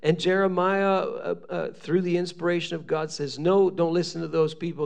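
A man preaching a sermon as pastor, reading scripture aloud with animated, rising emphasis. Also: on the high side, moderate pace, creaky, hardly any pauses.

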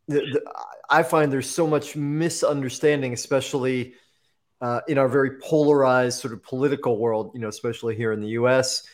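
A man's voice: mid-range voice, fairly even intonation, a little fast. A man from the northeastern US hosting an interview, chatting casually and rambling with many fillers. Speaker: podcast host.

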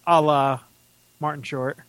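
Slightly high-voiced man, dry teasing. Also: fairly even intonation, measured pace, fairly bright tone, no echo, rough recording. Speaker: podcast co-host. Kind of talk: casual chat.

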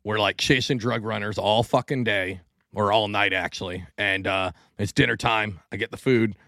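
A man's voice: fairly low pitch, steady tone, moderate pace, creaky, bright, forceful tone, dry recording. A man hosting a podcast, telling rants and stories in casual banter, with heavy cursing. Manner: profane, ranting storyteller.

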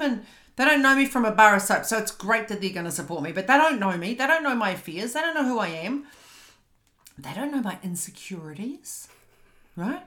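A woman in her fifties with a New Zealand accent, a podcast host and coach telling a personal story in a fast, animated, frank way. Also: fairly high pitch, reverberant. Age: 50s.

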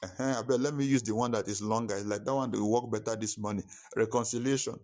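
A man's voice: lowish voice, steady tone, fast talker, a little mellow. A man preaching a sermon, stressing points and repeating key phrases.

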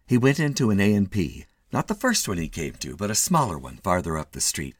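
A man reading a short story aloud in an expressive, measured way. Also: low-pitched, no room sound, studio quality. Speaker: narrator.

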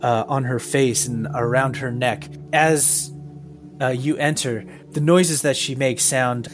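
A man's voice: medium pitch, steady tone, slow, soft background music. A man hosting a tabletop podcast and narrating the scene as game master, with loose, filler-filled description.

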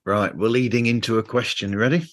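A man's voice: mid-range voice, fairly even intonation, fast talker, fairly bright tone. A man co-hosting a podcast, terse, mostly giving brief agreement. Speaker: podcast co-host. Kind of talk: casual chat.

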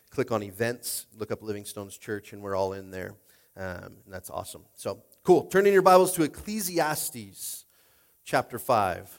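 A middle-aged man pastor preaching a sermon in a casual, rambling way, full of fillers, tearful and emotional. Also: on the low side.

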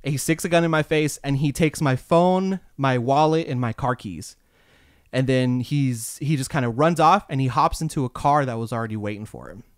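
Recorded dry, a medium-pitched man speaking at a moderate pace casually recounts tales from his former overnight jobs. His storytelling is laid-back and rambling, peppered with quoted exclamations.

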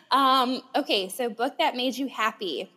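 A woman co-hosting a book podcast, talking in an animated, giggly way about books she liked. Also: sits high, husky. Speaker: podcast co-host. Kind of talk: casual book-review chat.

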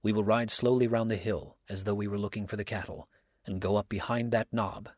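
A man reading aloud, voicing a stern, upright countryman who speaks in a measured, severe way. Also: fairly low pitch, steady tone, a little mellow, dry recording, studio quality, close to an everyday voice.

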